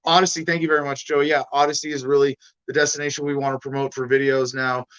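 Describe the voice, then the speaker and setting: A man's voice: medium pitch, little pitch movement, fast talker, a bit bright, clear, resonant tone. A man hosting a podcast in loose, blunt casual chat, rambling and swearing freely. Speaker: podcast host.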